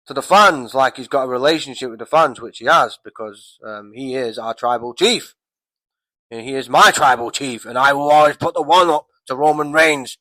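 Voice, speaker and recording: A man's voice: mid-range voice, fairly bright tone, no room sound. A man with a mid-range voice rants through a wrestling recap, rambling and swearing at every turn. His voice sounds dry and close, with no room around it. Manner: profane, rambling, heated. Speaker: wrestling commentator vlogger. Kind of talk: casual ranting recap.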